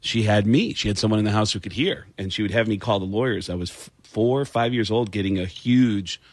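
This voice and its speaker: A man's voice: lowish voice, a little fast, dry recording. A middle-aged man, a comedian and impressionist, telling stories in a casual studio interview. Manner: animated storyteller, jumps into voices. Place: radio studio.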